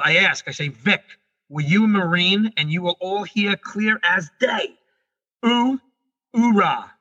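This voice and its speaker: A middle-aged man, a guest on an interview show, telling a story in a rushed, animated way and often restarting his sentences. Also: high voice. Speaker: guest, comedian and paranormal investigator. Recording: dull lo-fi recording.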